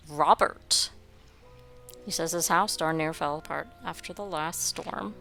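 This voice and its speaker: A woman's voice: low voice, a little slow, creaky, pushed and bright, soft background music. A young woman giving wry, sarcastic commentary while playing a building game. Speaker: game streamer. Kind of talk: gameplay commentary.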